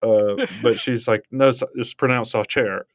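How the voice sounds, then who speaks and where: On a casual podcast he co-hosts, a professor from Southern Alabama rambles through stories with the occasional chuckle. He talks at medium pitch in a steady tone and normal speed, captured in clean studio sound without echo.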